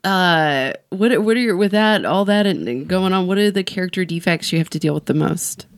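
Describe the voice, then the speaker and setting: A woman's voice: fairly low pitch, brisk. A woman in casual conversation, asking teasing, wry questions. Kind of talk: casual chat.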